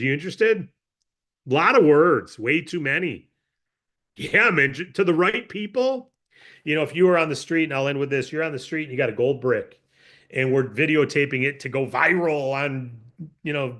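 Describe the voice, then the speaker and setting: A man training a sales team, talking with energy and acting out scenarios. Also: medium pitch. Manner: animated, acts out sales scenarios. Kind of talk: motivational sales talk.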